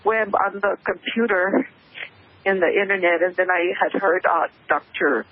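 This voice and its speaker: A woman calling into a radio talk show, emotional and tearful, speaking haltingly over a muffled phone line. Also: mid-range voice. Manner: halting, hesitant speech. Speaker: caller. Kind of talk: call-in radio conversation.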